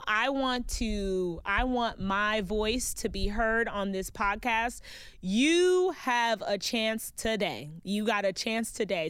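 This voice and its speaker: A woman with a slightly high, clean-toned voice hosts her own casual solo podcast, with no room sound. She chats playfully with listeners, calling them babes and y'all.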